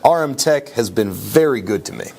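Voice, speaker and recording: A man's voice: mid-range voice, lively intonation, moderate pace, vocal fry, a little mellow. A man chatting as a company partner, joking and laughing as he talks.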